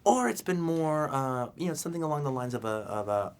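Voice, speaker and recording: A man's voice: a little high, big pitch swings, fairly quick, clear, resonant tone. A filmmaker being interviewed, a man talking loosely with many fillers and restarts. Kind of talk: casual interview answers.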